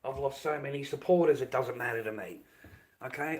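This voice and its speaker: A man's voice: mid-range voice, a little fast, a little mellow, rough recording. An Australian man rambling bluntly on his live stream, profane and dismissive, repeating himself and often dropping to a mutter.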